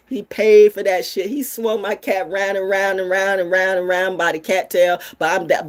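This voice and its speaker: A woman delivering a fiery, profane, sermon-style rant, preachy and full of rhetorical questions. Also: fairly low pitch. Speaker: spiritual vlogger. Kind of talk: ranting sermon-style monologue.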